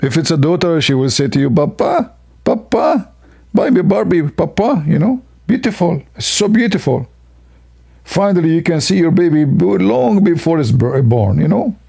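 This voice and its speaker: A man's voice: a little high, sing-song, normal speed, gravelly, dark tone, husky. A man hosting a livestream, talking in a sarcastic, rambling, mock-admiring way. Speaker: livestream host. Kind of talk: mocking livestream commentary.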